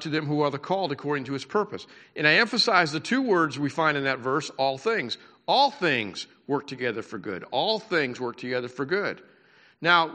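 A man's voice: a little high, sharp tone. Man preaching in a reverberant hall. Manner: conversational preaching with asides and laughter. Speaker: pastor. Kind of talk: sermon.

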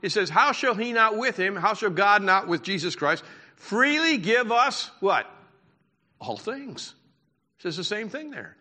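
A man's voice: high voice, lively intonation, moderate pace, sharp tone, big-room sound. A male pastor preaching a sermon in a conversational way, with asides and laughter.

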